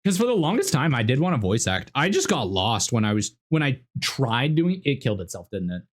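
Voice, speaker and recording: A young Canadian man with a Canadian accent chatting excitedly while streaming a game. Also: medium pitch, brisk. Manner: excitable, animated. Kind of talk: casual gameplay commentary.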